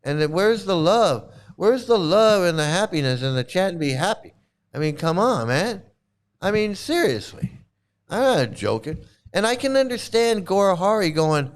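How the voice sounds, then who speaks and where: A man's voice: high voice, very animated, moderate pace. A man hosting a casual monologue, talking emphatically and sarcastically and repeating his points. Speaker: host.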